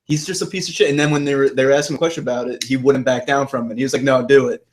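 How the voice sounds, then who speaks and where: A man's voice: mid-range voice, fairly even intonation, very fast. Crude, heated male podcast co-host. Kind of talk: casual political talk.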